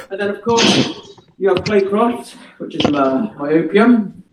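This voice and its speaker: High-voiced stand-up in an echoey room. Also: male voice, measured pace, distant mic. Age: young adult. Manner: rambling one-liners with repeated "right, guys". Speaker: stand-up comedian. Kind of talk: stand-up set on a video call. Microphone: laptop or webcam mic on a video call. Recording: echoey room, away from the mic.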